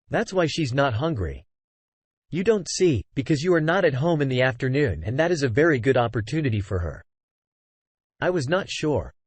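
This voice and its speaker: A man's voice: medium pitch, darkish tone, no room sound. Earnest man telling his own story. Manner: conversational, frequent "you know" fillers. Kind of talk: first-person story narration.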